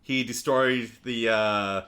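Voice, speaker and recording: A man's voice: mid-range voice, steady tone, slow pace, pushed and bright. A man in casual podcast chat, rambling through a movie recap with lots of fillers and laughs. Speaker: podcast co-host.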